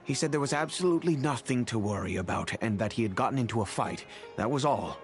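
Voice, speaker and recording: A man voicing a wealthy, kindly middle-aged father in game cutscene dialogue, telling the past in a measured, reflective way. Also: medium pitch, animated, natural voice. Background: game music.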